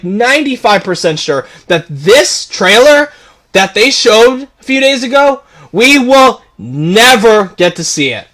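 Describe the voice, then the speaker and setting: High-pitched man ranting angrily. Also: fairly bright tone. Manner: heated, repetitive, profane ranting with stammered restarts. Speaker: gaming video creator. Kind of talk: angry rant to camera.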